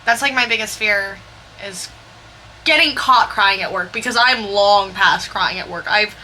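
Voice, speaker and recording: A young woman chatting casually over her gameplay build, rambling and candid with quick asides. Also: medium pitch, bright, forceful tone, a little hiss or hum. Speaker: Sims builder narrating her speed build. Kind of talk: chatty voiceover storytime.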